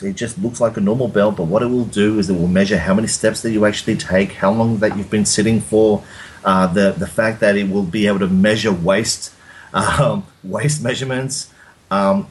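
Husky Australian man, casual chat. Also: on the low side, low-quality recording. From Sydney, Australia. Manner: repeats and restarts words often, says "mate" and "man". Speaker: podcast co-host.

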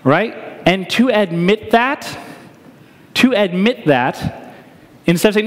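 Casting: male pastor, high, very animated delivery, wry humor, long church reverb. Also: a little slow. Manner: conversational, self-deprecating humor, asks "right?" often. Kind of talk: sermon. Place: church sanctuary.

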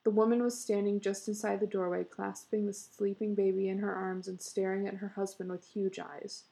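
A woman narrating a story in a measured, expressive way. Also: mid-range voice, gravelly, rough recording.

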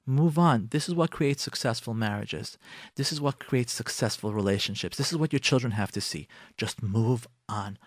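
A man's voice: mid-range voice, normal speed, dry recording, clean studio sound. A man hosting a radio talk show, giving marriage advice in an emphatic, repetitive way. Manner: emphatic and repetitive, animated acted-out quotes.

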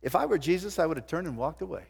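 A man's voice: racing, gravelly, slightly rough. Male pastor preaching, voice jumping all over, big church echo. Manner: animated preaching, swinging from loud emphasis to hushed lows. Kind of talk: sermon. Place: church sanctuary. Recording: long hall reverb.

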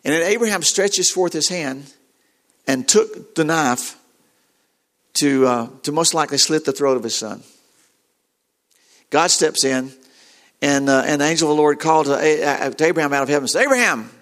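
Halting, earnest preacher man. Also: on the high side, fairly bright tone. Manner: halting, repeats words, earnest storytelling. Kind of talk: sermon.

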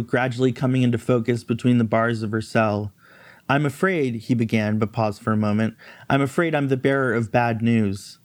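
Guy reading his book out loud, dry close sound, does little voices. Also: no echo. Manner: pitches voice up for the female characters' lines. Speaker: author reading his novel. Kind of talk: reading fiction aloud, voicing characters.

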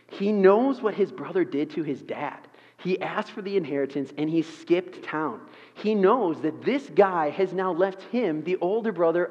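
A fairly high-voiced man preaching in a church, lively and acting out the voices of the people in the story. His voice rings through a big hall with a long echo, and the recording sounds a little muffled. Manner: animated, acts out the story's characters. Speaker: pastor. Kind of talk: sermon. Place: church auditorium.

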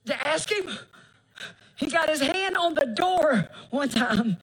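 A middle-aged woman preacher, delivering a folksy, emphatic sermon with drawn-out phrases and laughter. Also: high voice, a bit bright, low-quality recording.

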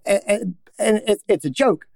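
A man's voice: high-pitched, moderate pace, dry recording. Emphatic man in a dry room. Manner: emphatic, animated; talks through ideas with frequent restarts and asides. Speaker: podcast host. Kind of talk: casual podcast discussion.

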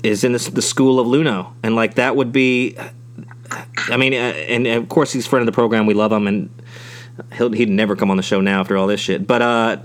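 A man's voice: mid-range voice, fairly even intonation, fairly quick. Rambling, profane man chatting. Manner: profane, rambling, many restarts. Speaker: podcast co-host. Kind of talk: casual chat.

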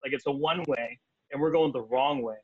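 A man from Canada with a Canadian accent, telling stories in casual chat as a guest, animated, laughing and leaping into high voices for quotes. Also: a little fast, breathy edge, dry recording, phone-quality sound. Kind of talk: casual storytelling.

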